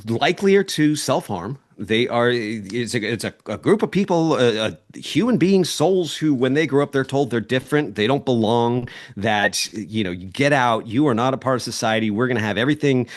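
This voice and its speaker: Guy on a podcast going off, fired up, rambly, keeps restarting himself, average-pitched voice. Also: expressive, normal speed, hardly any pauses. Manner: rambling, impassioned, restarts often. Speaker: podcast guest, sportswriter. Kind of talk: passionate podcast conversation.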